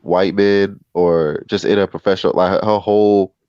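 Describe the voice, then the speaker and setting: A man from North Carolina chatting casually in a relaxed, reflective way, with many fillers. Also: low-pitched, moderate pace, clear, resonant tone, no room sound, highs cut off. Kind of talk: casual chat.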